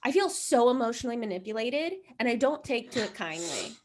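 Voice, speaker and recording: High-voiced woman ranting heatedly. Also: sing-song. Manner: fast, swearing, impassioned, apologetic. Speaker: reaction show host. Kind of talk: heated reaction rant.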